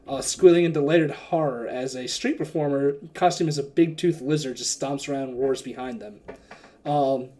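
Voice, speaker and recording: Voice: medium pitch, warm tone. A game master narrating a tabletop game in a loose, chatty way with self-mocking asides.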